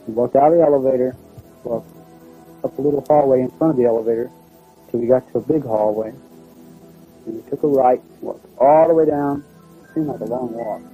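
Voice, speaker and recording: A man recounts a personal experience in a plain, conversational way, pausing and restarting as he goes. His voice is dark and mellow. Faint music plays under the recording. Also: mid-range voice, low-quality recording. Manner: plain, halting, conversational storytelling. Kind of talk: first-person spoken recollection.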